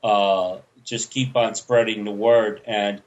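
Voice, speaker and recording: A man, a veteran guest on a radio show, speaking earnestly and deliberately with halting pauses. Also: fairly low pitch, level tone, low-quality recording. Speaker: veteran guest, nonprofit volunteer. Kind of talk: radio interview talk.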